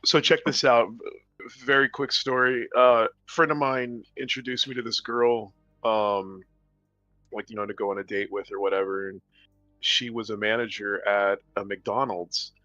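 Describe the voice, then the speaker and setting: A man with a bright, forceful voice chats casually as he hosts a gaming podcast, spinning a long, rambling story full of quoted bits. The mic sounds dull and dry, with faint game music behind him. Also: fairly low pitch, moderate pace, no room sound. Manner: rambling, animated anecdotes with laughs and put-on quotes. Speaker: podcast host and game commentator. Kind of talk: casual chat and storytelling over gameplay.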